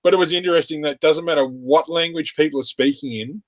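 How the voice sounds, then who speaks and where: Aussie bloke rambling thru old work stories on a stream, easygoing, lots of laughs. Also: male voice, on the high side, fast. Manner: rambling anecdotes with frequent laughs. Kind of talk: casual chat on a live stream.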